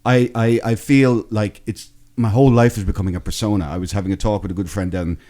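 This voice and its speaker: A man's voice: fairly low pitch, fairly even intonation, fast talker, dark tone. A man in his thirties from Ireland with a Waterford accent, co-hosting a podcast in casual, rambling, self-deprecating chat. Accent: Irish, Waterford. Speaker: podcast co-host.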